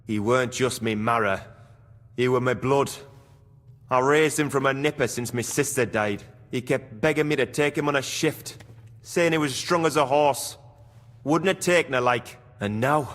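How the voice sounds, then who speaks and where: An actor playing a gruff, grieving middle-aged mine foreman in a video game, speaking. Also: medium pitch, a little slow, fairly bright tone, in a large hall, close to an everyday voice. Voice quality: broad dialect, earthy and blunt.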